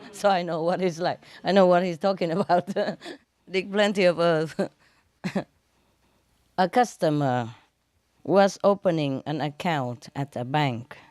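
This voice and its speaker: A woman's voice: lowish voice, darkish tone, no echo. A woman telling jokes to an audience, laughing often at her own punchlines, with non-standard English grammar.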